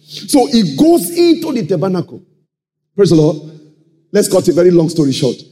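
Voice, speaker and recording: A man preaching a sermon, calling out to the congregation and swinging into shouted and half-sung phrases. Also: high voice, normal speed. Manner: animated call-and-response preaching, sudden shouts and sung phrases.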